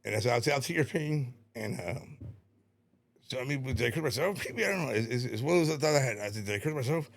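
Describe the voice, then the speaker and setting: Fast-talking gravelly man, rambling. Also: medium pitch, animated. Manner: rambling, repeats words, swears, laughs. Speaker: podcast guest. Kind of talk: casual podcast chat.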